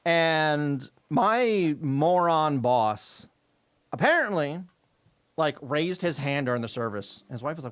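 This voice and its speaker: Animated, profane man ranting casually. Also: a little high, normal speed. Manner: profane, ranting, exasperated storytelling. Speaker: streamer. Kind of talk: casual chat with chat while working.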